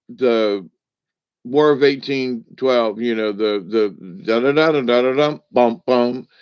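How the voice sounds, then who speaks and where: A man's voice: medium pitch, clear, resonant tone, dry recording. An older man rambling through a casual monologue, joking and laughing often as he talks. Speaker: spiritual vlogger. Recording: dull lo-fi, dry.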